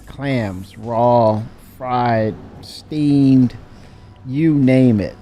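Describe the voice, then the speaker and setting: A man in casual live-stream chat, animated and laughing as he talks to his chat. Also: mid-range voice, extremely slow.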